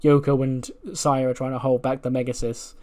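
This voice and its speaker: A man's voice: medium pitch, level tone, normal speed, a little mellow. A man casually narrating a wrestling management game, rambling with lots of fillers. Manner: rambling, lots of "like" and "you know". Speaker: let's play narrator.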